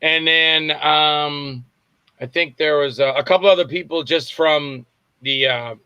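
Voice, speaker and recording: A man, a film director, telling lively anecdotes in a casual interview, acting out the voices in his stories. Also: fairly high pitch, unhurried, clear, resonant tone, no echo, lo-fi sound. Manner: animated anecdotes, acts out voices and shouts. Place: Tampa area, Florida.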